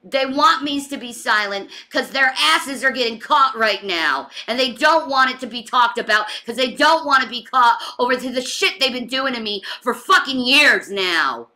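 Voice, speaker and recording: A woman's voice: on the high side, lively intonation, normal speed, few pauses, sharp tone. A woman streamer venting angrily and swearing on a livestream, heated and defensive. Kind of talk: angry livestream rant.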